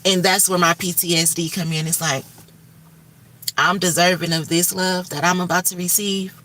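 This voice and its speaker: Bright-voiced woman's candid livestream talk. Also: lowish voice, flat delivery, normal speed, distant mic, slight background noise. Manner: candid, emphatic, swears freely, spiritual talk. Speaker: livestream host.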